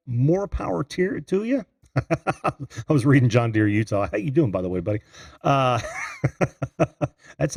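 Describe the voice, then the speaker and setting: A man hosting a live call-in stream, his gravelly voice swinging up and down as he chats and greets viewers by name. He laughs often and keeps it loose. The sound is dry and close, with no room echo. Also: medium pitch, darkish tone. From Indiana. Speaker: host of a live video call-in show. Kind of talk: casual live-stream chat.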